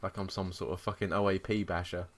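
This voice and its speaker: A man co-hosting a podcast, telling a story in a sweary, animated way and mocking the people he quotes. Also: low voice, quick pace. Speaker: podcast co-host. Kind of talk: casual chat.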